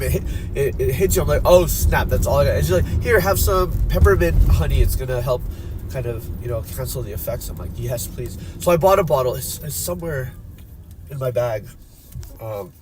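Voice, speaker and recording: Guy from the philippines chatting on a drive stream, laughs a lot, reads chat, road noise in the car. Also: medium pitch. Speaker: livestream host. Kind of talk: casual chat while driving. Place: inside a car in traffic. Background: car and street noise.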